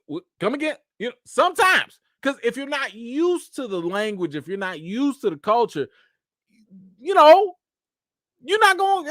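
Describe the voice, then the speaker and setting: A young man hosting a live chat show, animated commentary with mocking asides and rising near-shouts. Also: high voice, no echo, studio quality. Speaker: show host.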